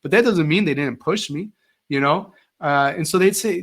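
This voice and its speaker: Animated former-teacher guest, middle-aged man, pitched a touch high. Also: normal speed, breathy edge. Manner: animated, acts out quoted voices. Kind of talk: casual interview storytelling.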